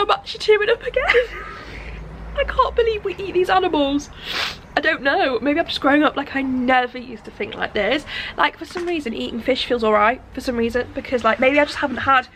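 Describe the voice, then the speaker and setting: A young woman talks casually to her phone camera in a vlog. Her voice sits fairly high and she is chatty and giggly. A faint hiss of background noise runs underneath. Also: fairly bright tone. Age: 20s. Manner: chatty, bubbly, giggly asides. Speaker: vlogger. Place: large indoor shopping centre. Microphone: phone held at arm's length.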